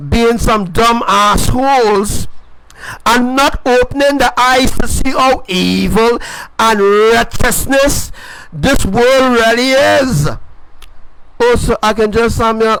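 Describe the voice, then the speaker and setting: A man preaching on a livestream, repeating phrases and rising to shouts. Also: extremely high pitch, slight background noise, rough recording. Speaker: self-styled prophet preacher.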